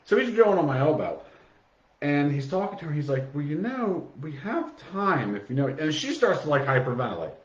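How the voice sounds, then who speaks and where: A man co-hosting a podcast, telling a long story in a relaxed, rambling chat. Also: on the high side, fairly quick. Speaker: podcast co-host. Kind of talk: casual chat. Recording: echoey room, dull lo-fi sound.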